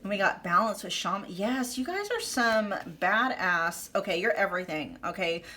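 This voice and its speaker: A woman reads tarot cards for her viewers, gushing and emphatic. Her voice sits at an ordinary pitch, and a faint hiss runs under the recording. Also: lively intonation, moderate pace, bright, forceful tone. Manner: effusive, emphatic, with frequent fillers and laughter. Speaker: tarot reader. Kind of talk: pick-a-card tarot reading.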